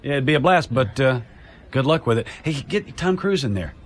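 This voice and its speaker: A man's voice: medium pitch, expressive, moderate pace. A man hosting a call-in radio show, jokey and upbeat, putting callers on the air. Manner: upbeat, jokey, taking calls. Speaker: radio host.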